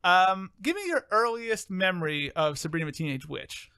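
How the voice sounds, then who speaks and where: A man's voice: sits high, sing-song, normal speed, bright, forceful tone, smooth, dry recording, clean studio sound. A man in his twenties hosting a casual podcast, joking and self-deprecating. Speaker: podcast host.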